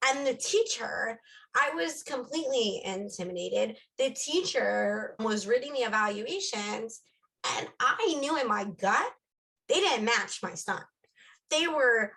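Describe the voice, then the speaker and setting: A woman with a somewhat high voice co-hosts a parenting podcast. She talks candidly and casually, telling stories and acting out little bits of dialogue. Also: lively intonation, a little slow, pushed and bright, poor audio. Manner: candid, storytelling, acts out dialogue.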